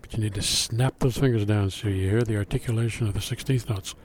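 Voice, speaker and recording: A man giving spoken feedback to a school band, singing out rhythms to show them, relaxed and halting with fillers. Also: on the low side, slight background noise. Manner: sings out rhythms to demonstrate. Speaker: band adjudicator.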